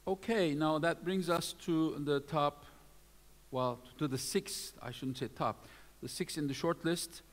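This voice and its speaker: A man's voice: on the high side, unhurried. Man presenting awards in a reverberant hall. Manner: reads lists of names with frequent fillers. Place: event hall.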